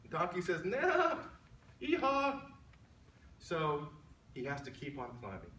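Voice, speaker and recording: A man telling a humorous tall tale as a speech contestant, switching between soft asides and loud lines. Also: on the high side, animated, normal speed. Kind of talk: storytelling speech. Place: large room at a company event. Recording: echoey room, mic far off, faint background hum.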